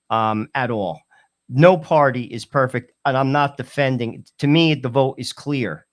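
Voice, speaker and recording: A man co-hosting a political talk show, answering in a measured way with fillers. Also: mid-range voice, a bit bright. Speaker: co-host. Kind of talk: political commentary chat.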